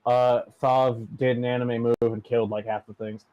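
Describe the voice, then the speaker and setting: A man's voice: medium pitch, flat delivery, normal speed, warm tone, dry recording, lo-fi sound. A man chatting casually as a player in a tabletop game, joking and laughing often.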